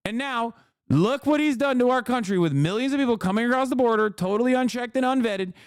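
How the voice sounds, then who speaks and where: A man's voice: extremely high pitch, fast, smooth, dry recording, studio quality, voice pushed up. A man putting on a blustering, boastful older male politician who rants emphatically. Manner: bombastic, emphatic ranting.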